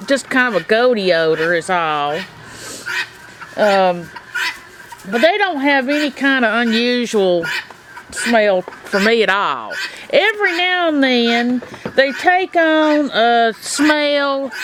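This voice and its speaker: A woman's voice: on the high side, noisy background. A woman chatting casually in a video diary about her goats, talking fondly to the animals around her. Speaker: goat keeper. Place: outdoor farm pen with goats.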